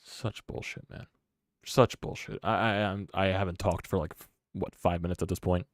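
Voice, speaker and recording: A man's voice: low voice, flat delivery, fast talker, no echo, studio quality. A man hosting a sports reaction stream, angry and swearing, repeating himself in frustration. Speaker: sports channel host.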